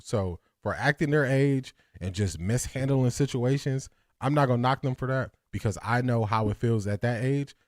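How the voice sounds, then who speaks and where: A man hosting a casual live sports stream, greeting chat by name and repeating his points, his voice still rough from the morning. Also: on the low side, no echo, studio quality. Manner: relaxed, talks straight to chat, repeats lines for emphasis.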